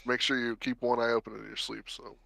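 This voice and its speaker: A man's voice: medium pitch, little pitch movement, quick pace, gravelly, bright, forceful tone, dry recording. A man playing in a tabletop game, chatting casually and joking with the group. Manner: jokey, laughs often. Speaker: player.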